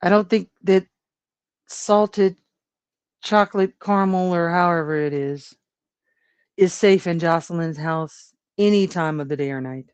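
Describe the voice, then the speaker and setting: A woman's voice: fairly low pitch, a little slow, pauses often, clean tone, no echo, dull audio. A woman hosting a casual livestream, rambling about everyday topics, laughing often and chatting with viewers. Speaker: livestream host.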